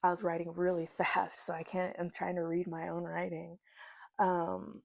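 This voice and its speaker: A woman tarot reader reading a channeled spiritual message from her notes in a halting way, laughing at her own stumbles. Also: on the low side, completely flat delivery, creaky, darkish tone, no echo.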